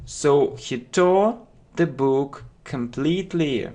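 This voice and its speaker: A man teaching English vocabulary, who says each phrase and then repeats it slowly and deliberately. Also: a little high, animated, warm tone. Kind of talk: vocabulary lesson.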